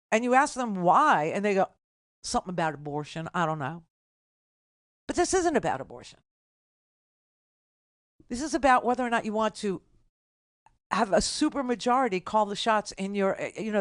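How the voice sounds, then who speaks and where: Older woman talk radio host, sarcastic and indignant, mid-pitched, dry close mic. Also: no echo. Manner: indignant, sarcastic, rapid asides. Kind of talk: political talk radio monologue.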